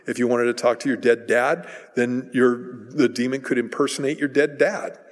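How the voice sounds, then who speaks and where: A man's voice: medium pitch, fairly even intonation, moderate pace. Conversational male preacher in a reverberant hall. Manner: conversational storytelling, acts out voices in retellings. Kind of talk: sermon.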